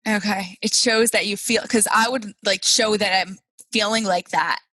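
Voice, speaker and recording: A woman's voice: medium pitch, steady tone, moderate pace, bright, forceful tone, no echo, rough recording. A woman hosting a podcast, chatting casually, asking questions and laughing easily, with a lot of "like" in her speech. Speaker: podcast host. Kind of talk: casual interview chat.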